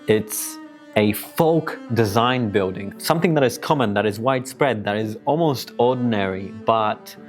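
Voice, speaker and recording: Reflective man explaining ideas. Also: lowish voice. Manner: reflective, thinking aloud with restarts. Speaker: video essay host. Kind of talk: explanatory video essay.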